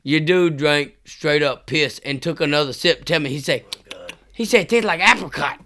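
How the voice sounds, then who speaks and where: Guy, podcast co-host, bright and a bit high, rowdy storyteller. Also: moderate pace. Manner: rowdy, profane storyteller who laughs through his tale. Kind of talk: casual storytelling.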